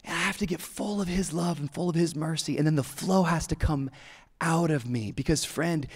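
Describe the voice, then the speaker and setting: Animated high-voiced male pastor preaching. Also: moderate pace, slightly rough. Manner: animated storyteller, acts out voices, laughs often. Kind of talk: sermon. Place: church auditorium. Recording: large hall reverb.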